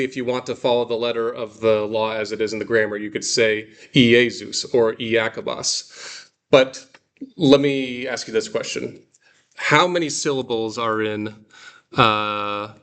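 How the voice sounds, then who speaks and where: A man's voice: mid-range voice, steady tone, a bit bright. Man teaching a class, patient and explanatory. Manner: explanatory, repeats and models pronunciations slowly. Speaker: Greek teacher.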